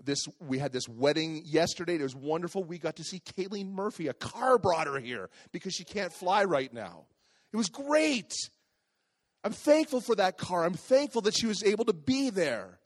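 A middle-aged man telling a lively personal story as a pastor in a sermon. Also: high voice, moderate pace. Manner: lively, animated storytelling with acted voices.

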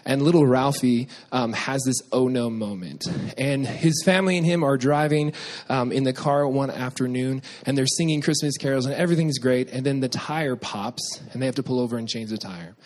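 A young man preaching a sermon, telling a childhood story with lively quoted voices before reading scripture. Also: mid-range voice, moderate pace. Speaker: pastor.

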